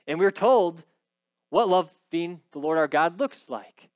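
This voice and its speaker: High-voiced preaching man, dry sound. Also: lively intonation, slow pace, smooth, dry recording. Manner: emphatic preaching with frequent "right?" asides. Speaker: pastor. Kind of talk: sermon.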